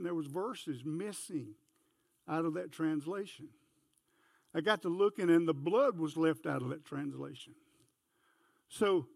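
High, gravelly-voiced folksy preacher. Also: male voice, no echo, clean studio sound. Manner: homespun, anecdotal, talks to the congregation directly. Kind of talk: folksy sermon with storytelling. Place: church sanctuary.

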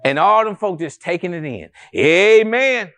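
A male pastor preaching a sermon to a congregation in a church, animated and conversational, with rhetorical questions and calls to the congregation. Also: on the high side, a little fast. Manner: addresses the congregation as family, calls for responses.

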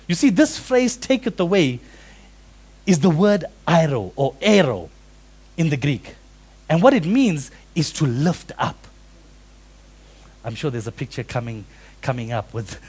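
A man preaching a sermon, animated and acting out quoted voices. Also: fairly high pitch, breathy edge. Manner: animated, acts out quoted voices with big swings in loudness. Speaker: pastor.

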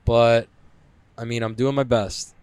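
A man's voice: medium pitch, little pitch movement, measured pace, darkish tone, smooth. A man hosting a casual solo podcast from his car while driving, talking in a profane, rambling, self-mocking way. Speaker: podcast host. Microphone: headphones with mic.

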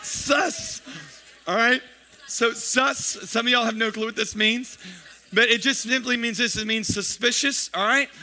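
The voice is very high, bright and forceful, with a steady tone and moderate pace. It belongs to a pastor in his thirties giving his congregation a playful sermon full of jokes, repeated words and asides.

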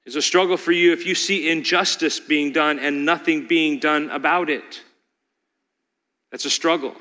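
A male pastor preaching a sermon, moving between loud pleading peaks and quiet storytelling. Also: fairly high pitch, steady tone, moderate pace, big-room sound.

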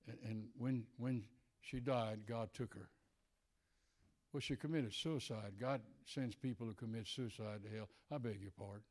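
An older male preacher delivering a sermon, swinging between shouted declarations and hushed, tender passages. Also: lowish voice, normal speed.

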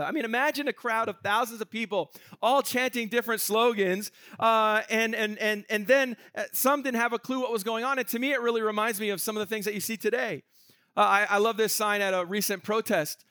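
A man preaching a sermon from Canada, animated, laughing often and acting out crowd voices with many restarts. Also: high-pitched, a little fast, no room sound. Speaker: pastor.

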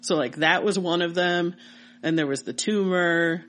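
A woman co-hosting a podcast, telling childhood memories in casual, animated chat. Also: fairly low pitch, unhurried. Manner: animated storytelling with laughter. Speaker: podcast co-host.

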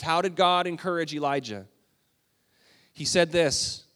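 A man's voice: a little high, measured pace, long pauses, fairly bright tone, big-room sound. A man preaching a sermon as a pastor, in an earnest, conversational way that builds to urgency.

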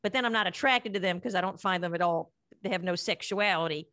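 A woman's voice: lowish voice, fast, fairly bright tone, dry recording, studio quality. A woman comedian chatting casually as a podcast guest, with crude, playful banter. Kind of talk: casual chat.

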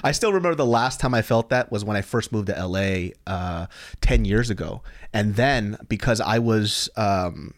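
Animated young man telling candid stories. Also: on the low side, normal speed, no room sound, studio quality. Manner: candid storytelling, swearing, with bursts of laughter and shouted self-mockery. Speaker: comedian and YouTuber guest. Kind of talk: casual podcast chat.

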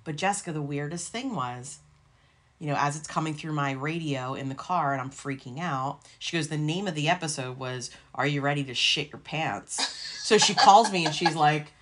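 A woman with a deep, low-pitched voice co-hosts a chatty podcast. She tells stories in a loose, rambling way, full of fillers and the odd swear word. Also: normal speed. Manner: rambling, swears freely, animated retelling. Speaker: podcast co-host. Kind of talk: casual chat, storytelling.

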